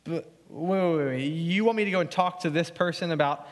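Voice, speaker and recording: A man preaching a sermon as pastor, conversational and earnest, going quiet and soft when he reads scripture. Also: on the high side, brisk, in a large hall.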